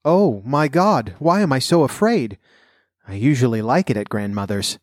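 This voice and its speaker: A man voicing an innocent little girl in a red cap, gentle and wide-eyed. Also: medium pitch, lively intonation, moderate pace, dry recording, clean studio sound, natural voice. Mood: uneasy.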